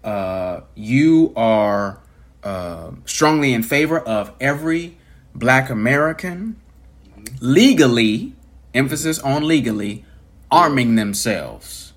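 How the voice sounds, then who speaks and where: A man interviewing a guest, asking measured, deliberate questions. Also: mid-range voice, lively intonation, fairly bright tone.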